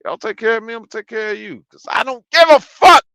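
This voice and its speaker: Brief: man putting on a blunt, protective woman manager, high, bright and loud. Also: expressive, brisk, clear, resonant tone, no echo, clean studio sound, full character voice. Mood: fierce.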